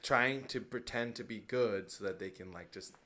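A man's voice: lowish voice, moderate pace, bright, forceful tone. A man co-hosting a casual podcast, retelling cartoon scenes with a laugh and playful voices. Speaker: podcast co-host. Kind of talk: casual chat.

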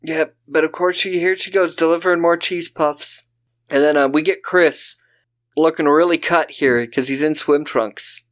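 A man's voice: fairly high pitch, moderate pace. A man co-hosting a podcast, casually and animatedly riffing on a movie with some swearing. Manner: animated, swears, does mocking voices of characters. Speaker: podcast co-host.

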